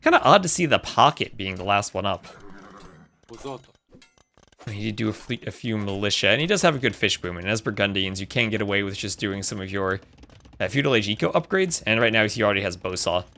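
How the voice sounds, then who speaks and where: A man's voice: lowish voice, lively intonation, brisk, pushed and bright, a little hiss or hum. A man casting a strategy game tournament on a live stream in a chatty way, breaking off to thank viewers. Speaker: tournament host and caster. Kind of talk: live-streamed esports commentary.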